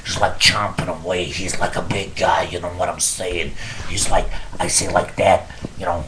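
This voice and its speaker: A man's voice: deep voice, steady tone, moderate pace, background noise, close to an everyday voice. A man putting on a hot-tempered middle-aged mobster cook, swaggering, swearing and rambling in an improvised comic monologue, recorded on a webcam at home. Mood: blustering. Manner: tough-guy swagger, heavy swearing, rambling.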